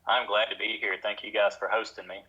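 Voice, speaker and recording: A man with a Tennessee drawl tells his story as a podcast guest, rushing through run-on sentences with plenty of fillers. His voice is low, bright and flat in pitch, and the audio sounds dull and lo-fi. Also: breathy edge. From Tennessee, USA. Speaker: podcast guest, treatment center executive. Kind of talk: conversational storytelling.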